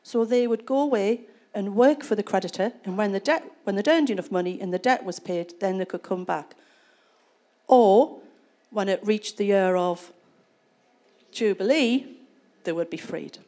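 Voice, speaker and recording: A woman preaching a sermon retells and explains a scripture passage conversationally, like telling a story. Her mellow, mid-range voice is animated and moderately paced.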